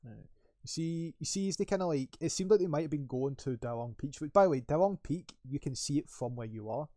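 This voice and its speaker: A man's voice: fairly high pitch, animated, brisk, mellow, no echo, studio quality. A man running a tabletop game as game master, narrating loosely with many fillers.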